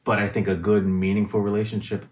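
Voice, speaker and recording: A man's voice: on the low side, little pitch movement, quick pace, a little mellow. A man talking in a reflective casual conversation, thinking aloud and searching for his words. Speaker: guest in a conversation on relationships. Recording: roomy echo.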